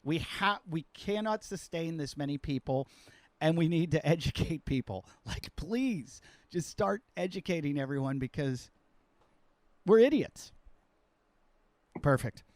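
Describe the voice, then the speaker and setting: A man's voice: fairly high pitch, animated, a little slow, darkish tone, dry recording. A man hosting a podcast as a comedian, telling rambling, self-mocking stories in casual chat.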